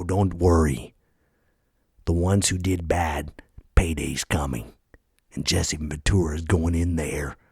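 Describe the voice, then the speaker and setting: A man putting on the voice of a brash older ex-wrestler politician in a comedic podcast rant, swinging from loud outbursts to hushed mutters. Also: sits low, slightly rough, no echo, studio quality, full character voice. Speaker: podcast host. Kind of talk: comedic impression monologue.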